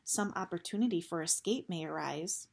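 A woman's voice: fairly low pitch, moderate pace, creaky, darkish tone, breathy edge. A woman voicing a grave, guilt-ridden male bat warrior who speaks formally and stiffly, without contractions.

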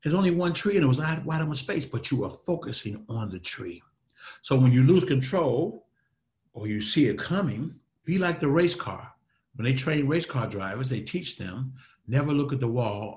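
A man giving a motivational talk in an interview, speaking in a dynamic, preacher-like way that swings between loud and soft. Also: mid-range voice, animated, moderate pace. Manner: dynamic, preacher-like delivery with sweeping shifts in loudness.

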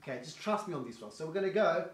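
A man teaching a singing lesson in a quick, chatty coaching manner, demonstrating with vocal sounds. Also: a little high, lively intonation. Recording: roomy echo, faint guitar behind.

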